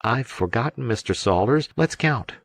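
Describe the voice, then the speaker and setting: A man voicing a meek, muddled little farmer on a fishing boat, talking softly and hesitantly. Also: medium pitch, lively intonation, moderate pace, no echo, studio quality, voice pushed up.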